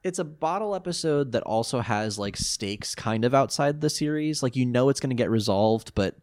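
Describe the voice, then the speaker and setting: A man co-hosting a podcast, chatting casually as he recaps an episode and jumps up high when reacting. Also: animated, normal speed, darkish tone, no room sound, clean studio sound. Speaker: podcast co-host.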